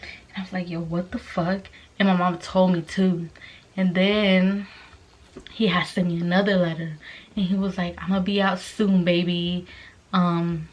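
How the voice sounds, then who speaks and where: A woman's voice: on the low side, measured pace, a bit bright. A young woman telling a storytime vlog at home late at night, in a profane, exclamatory way. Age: young adult. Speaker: vlogger.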